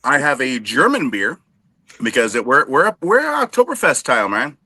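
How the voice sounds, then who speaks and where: Bright-voiced wisecracking man host. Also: mid-range voice, big pitch swings, moderate pace, dry recording. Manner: wisecracking, self-deprecating. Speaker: podcast co-host. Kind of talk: casual banter show.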